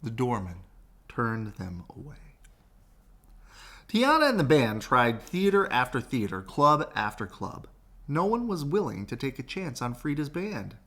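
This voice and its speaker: Slow, expressive man reading a storybook. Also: mid-range voice. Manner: slow, expressive, sing-song rises and falls. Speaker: storybook reader. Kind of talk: children's picture-book read-aloud.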